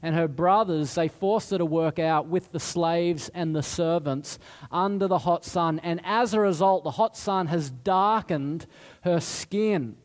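A man's voice: a little high, unhurried. A middle-aged man preaching a sermon in a chatty, self-deprecating way, often restarting his sentences. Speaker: pastor.

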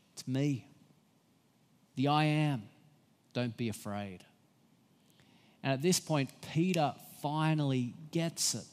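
A middle-aged man preaching a sermon, earnest and gentle, rising for emphasis. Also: a little high. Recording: long hall reverb.

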